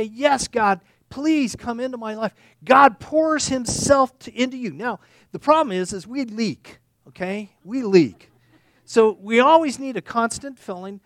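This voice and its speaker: A male pastor with a very high voice preaches earnestly, shifting between loud, emphatic lines and quiet, confiding ones. He often repeats words and restarts sentences. The studio recording is clean, with no room sound.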